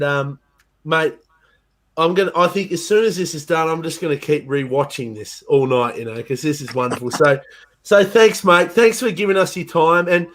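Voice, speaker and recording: An Australian man hosting a live stream chat, effusive and excitable, swearing and saying "mate" a lot. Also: fairly high pitch. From Tasmania, Australia. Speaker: band member and host.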